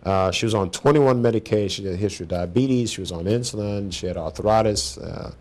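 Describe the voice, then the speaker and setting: A man, a cardiologist, answering interview questions in a measured, thoughtful way with frequent pauses and fillers. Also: fairly low pitch, a little mellow, roomy sound.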